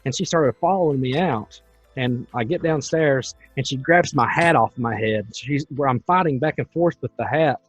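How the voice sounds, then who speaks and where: A man hosting a podcast, telling a story in a loose and animated way. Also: medium pitch, normal speed, slightly rough, no room sound, soft background music. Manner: animated, tells stories in a loose, chatty way. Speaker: podcast host. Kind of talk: casual storytelling. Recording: dull, dry, lo-fi sound.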